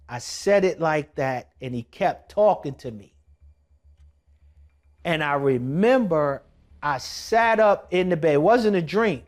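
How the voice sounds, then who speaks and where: A man telling a personal testimony in a vlog, moving from hushed tones to emphatic shouting. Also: on the high side, animated, slow, long pauses, faint music behind. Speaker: documentary vlogger.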